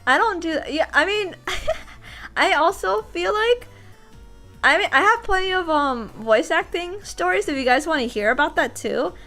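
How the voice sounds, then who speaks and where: A woman voice actor chatting casually on a livestream, animated, laughing often and restarting sentences. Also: extremely high pitch, unhurried, faint music behind. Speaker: voice actor and streamer.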